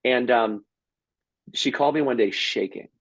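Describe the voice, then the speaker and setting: A man on a podcast as a guest, telling stories and giving business advice in an emphatic, energetic way. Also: medium pitch, dry recording. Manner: energetic storytelling, quick and emphatic. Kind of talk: casual podcast interview.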